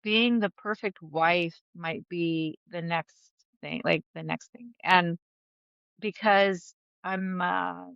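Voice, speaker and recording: Woman, podcast guest, bright tense voice, dry dull remote audio, chatty with frequent laughs. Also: fairly low pitch, steady tone, slow, vocal fry, clear, resonant tone, no room sound. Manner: chatty, laughs often, restarts sentences. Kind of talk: candid conversational interview.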